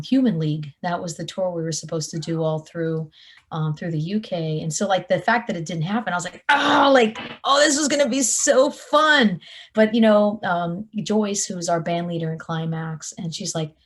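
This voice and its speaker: A young adult woman, a touring guitarist, chatting in an interview and acting out the people in her stories. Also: on the low side. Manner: animated storyteller, acts out quotes. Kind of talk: casual interview chat.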